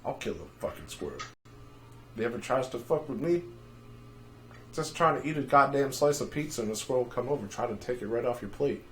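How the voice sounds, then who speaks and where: A man's voice: medium pitch, fast, a little hiss or hum. Young man streaming, crude rambling jokes. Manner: rambling, crude, profane storytelling with dark jokes. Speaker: livestream host. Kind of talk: casual livestream chat.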